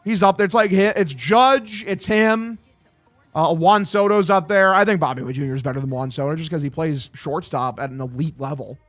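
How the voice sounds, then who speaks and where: A man's voice: a little high, normal speed, fairly bright tone, soft background music. A young man streaming a baseball video game, calling plays like an announcer and ranting bluntly with lots of swearing. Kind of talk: casual gaming stream commentary.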